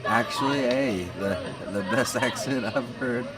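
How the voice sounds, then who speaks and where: A man's voice: mid-range voice, a little slow, far from the mic, a loud crowd. A man hosting a live stream in casual commentary, chatting and reading viewer messages aloud with a self-mocking manner.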